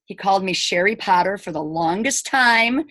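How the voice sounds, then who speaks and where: A woman's voice: mid-range voice, moderate pace, no echo. A woman in her forties, a teacher, chatting casually to camera about her own experience and acting out what others said. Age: 40s. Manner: chatty, retells scenes by quoting people in dialogue; emphatic, animated asides to viewers. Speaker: elementary school teacher. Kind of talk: casual personal storytelling to camera.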